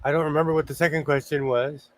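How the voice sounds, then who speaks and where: A man's voice: fairly high pitch, little pitch movement, fast. An older man hosting a casual livestream chat, talking chattily and laughing easily. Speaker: host.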